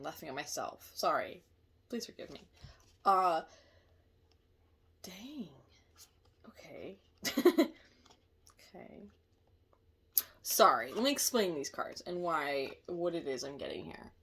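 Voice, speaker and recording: A woman talks through a casual tarot reading, her voice swinging widely in pitch as she goes. She is chatty and quick to laugh, often breaking off to apologize or correct herself. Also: a bit bright, slightly rough. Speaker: tarot reader.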